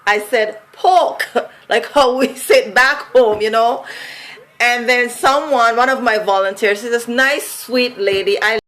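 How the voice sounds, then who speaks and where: Her pitch is fairly high and her tone steady and fairly bright, delivered at a measured pace over poor audio. This Vincentian vlogger from Saint Vincent chats casually to camera, sing-song and musical, with frequent laughter.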